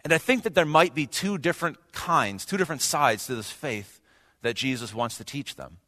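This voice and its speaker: A man's voice: mid-range voice, sharp tone. A male pastor preaching a sermon earnestly, with rhetorical questions and rising emphasis. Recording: long hall reverb.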